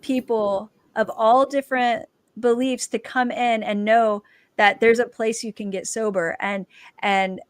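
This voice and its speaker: A woman, a dancer and author, telling her personal testimony as a guest and lively acting out the quoted dialogue. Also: a little high, measured pace, clean tone, no echo.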